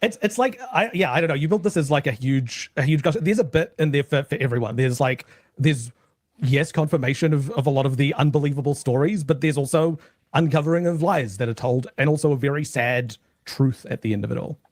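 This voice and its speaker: A man co-hosting a podcast, speaking in a measured, thoughtful way. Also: fairly high pitch, a little mellow, no echo, clean studio sound. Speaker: podcast co-host. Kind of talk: casual podcast chat.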